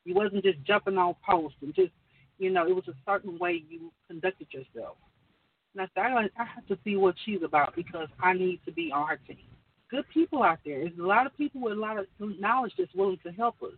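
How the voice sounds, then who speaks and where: A woman's voice: medium pitch, animated, fairly quick, slightly rough. A woman on a call talking earnestly about running her own business, rambling with many fillers. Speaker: caller sharing business advice. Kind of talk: casual chat. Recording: distant tinny phone line.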